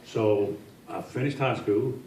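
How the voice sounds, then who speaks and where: Older man, folksy joking storyteller, mellow voice, echoey room from afar. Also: lowish voice, slow pace, a little hiss or hum. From Tennessee. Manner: folksy, joking, self-deprecating. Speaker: guest speaker. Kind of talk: after-dinner storytelling speech. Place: large indoor function room. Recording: echoey hall from a distance.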